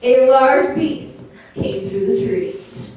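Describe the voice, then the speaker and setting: A woman's voice: high-pitched, slow pace, a little mellow, distant mic, a little hiss or hum. A woman telling a fairy tale live at a coffeehouse, playful with jokey asides and giggles, in an echoey room with an audience. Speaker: storyteller. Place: coffeehouse stage.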